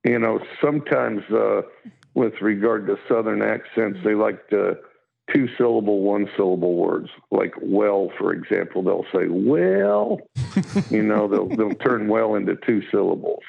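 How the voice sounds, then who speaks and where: A football coach from Wyoming with a drawl, answering in a halting way full of fillers and restarts. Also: male voice, on the low side, fairly even intonation. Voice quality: gravelly. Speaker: college football coach, guest. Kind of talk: phone interview. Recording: tinny phone line.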